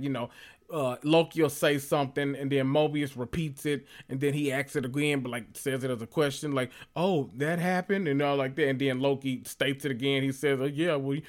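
A man recapping a TV episode in a sassy, animated and profane casual reaction. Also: medium pitch. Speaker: recap vlogger.

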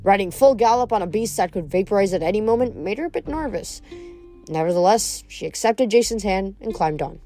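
Expressive woman reading a novel aloud. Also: mid-range voice, brisk, soft background music. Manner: expressive storytelling. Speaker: reader.

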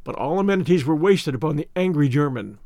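A man reading narration for an audiobook in a measured, expressive way. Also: on the high side, no echo, clean studio sound.

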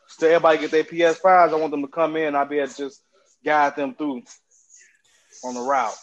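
A man in casual podcast chat, brash and quick to laugh, swearing freely with friends. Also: a little high, little pitch movement, lo-fi sound. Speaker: podcast co-host.

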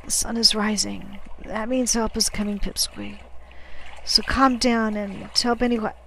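A gruff, protective old sailor in a storybook, coaxing and soothing in a steady middle register, as a woman reads him. He stammers now and then as he tries to keep a scared kid calm. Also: medium pitch, unhurried, slight background noise, low-quality recording. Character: gruff kindly older male sailor, protective.

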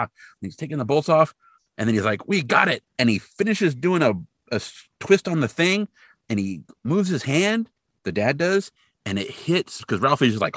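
A man's voice: mid-range voice, dry recording, clean studio sound. A man co-hosting a casual podcast, animatedly retelling a film scene and acting out the characters' lines. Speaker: podcast co-host. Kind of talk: casual chat recapping a film.

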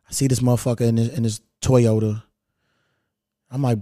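A man hosting his podcast alone, telling a story in a laid-back, profane, animated way. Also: mid-range voice, a little fast, dry recording, clean studio sound. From Louisville, Kentucky. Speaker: podcast host. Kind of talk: casual solo storytelling. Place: at home.

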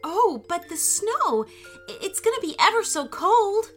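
A woman doing a high, excitable little girl. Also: unhurried, soft background music, exaggerated voice. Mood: curious. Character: young girl, curious and excitable. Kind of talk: storybook character voice.

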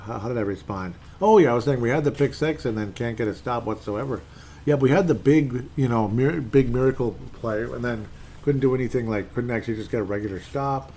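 A man's voice: medium pitch, brisk, mellow, a little hiss or hum. A man ranting in a casual, rambling way about his team's game, reading posts aloud and sounding fed up. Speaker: sports fan commentator. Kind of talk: casual solo sports rant.

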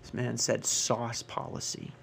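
A young man telling stand-up stories in an ordinary mid-range voice. He swears freely, sounds exasperated, and jumps into the voices of the people he describes before dropping back to his own flat delivery. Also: mid-range voice, measured pace, gravelly, breathy edge. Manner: profane, exasperated, acts out characters. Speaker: stand-up comedian. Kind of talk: stand-up storytelling.

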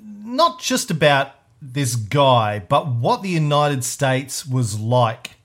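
A man's voice: medium pitch, sing-song, slow pace, a bit bright. A man co-hosting a history podcast in casual, rambling chat, cursing freely, with many fillers and restarts. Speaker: podcast co-host.

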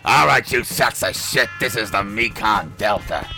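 A man's voice: on the low side, expressive, normal speed, vocal fry, pushed and bright, faint music behind, voice pushed up, heavily acted. A man voicing a crude, barking army drill sergeant in a comedy sketch. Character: foul-mouthed gruff male army drill sergeant.

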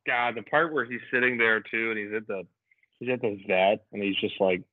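A man's voice: lowish voice, steady tone, a little fast, no echo. A man co-hosting a podcast, talking in an earnest, emotional way with lots of restarts. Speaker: podcast co-host. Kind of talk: casual chat. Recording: tinny phone-like audio.

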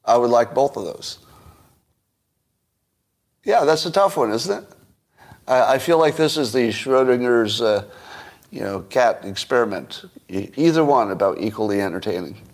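A man's voice: medium pitch, animated, normal speed, pauses often. Wry man musing on the news. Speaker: podcast host. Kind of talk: solo political commentary.

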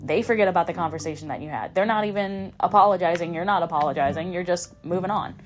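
A woman's voice: on the low side, fast talker, soft background music. A woman hosting a podcast, talking casually and upbeat in a coaching tone, often repeating and restarting her phrases. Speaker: podcast host. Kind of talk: casual motivational monologue.

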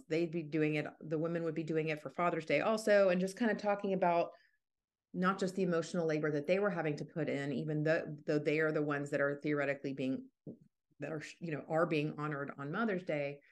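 A woman hosting a podcast, talking things through in a thoughtful, unscripted way with frequent restarts. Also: deep voice. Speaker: podcast host. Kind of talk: casual podcast monologue.

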